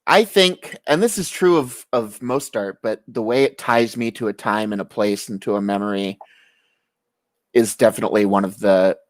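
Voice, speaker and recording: A man's voice: on the low side, normal speed, no room sound. A man talking as a guest in a casual chat, easygoing and reflective. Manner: easygoing, reflective, laughs along.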